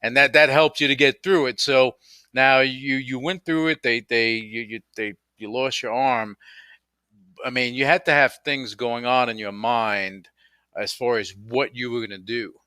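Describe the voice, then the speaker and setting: A man's voice: medium pitch, fairly even intonation, normal speed, sharp tone, clean tone, dry recording. A man hosting a radio interview, talking in an enthusiastic, encouraging way and often repeating himself. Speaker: radio show host. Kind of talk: casual interview chat.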